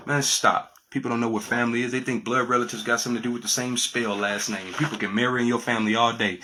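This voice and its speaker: A man's voice: lowish voice, pushed and bright, a little hiss or hum. A man giving an improvised spiritual monologue as a teacher, preaching in a repetitive way with street slang.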